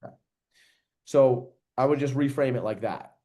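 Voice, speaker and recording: A man giving sales coaching feedback on a call. He talks quickly, casually and directly, with plenty of slang. His voice has an ordinary middle pitch. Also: mellow.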